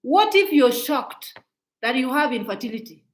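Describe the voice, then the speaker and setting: A woman's voice: high voice, lively intonation, moderate pace, reverberant, rough recording. A woman in her forties giving a scolding, preachy commentary monologue, repeating her points. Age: 40s. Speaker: social media commentator.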